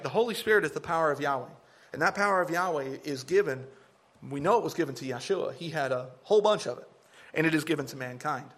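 A man delivers an animated, emphatic sermon to a gathered congregation. His voice sits a little above the usual male pitch and rises sharply when he makes his points. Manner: animated, emphatic, mocking impressions of opponents. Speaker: preacher.

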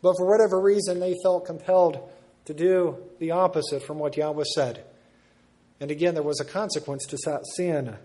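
A man preaching a sermon, slow and measured, repeating words for emphasis. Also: fairly high pitch, fairly even intonation, warm tone.

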